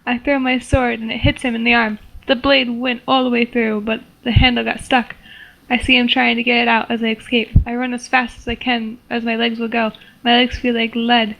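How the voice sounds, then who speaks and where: A young woman reading her homemade story aloud in a flat, stumbling way. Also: fairly high pitch, moderate pace, gravelly, poor audio. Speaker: story reader.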